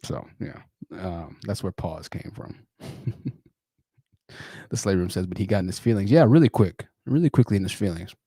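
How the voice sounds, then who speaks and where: A man's voice: deep voice, moderate pace, dark tone, dry recording, studio quality. A man hosting a casual livestream, reading viewer comments in a laid-back way and acting out friends' voices. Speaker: livestream host.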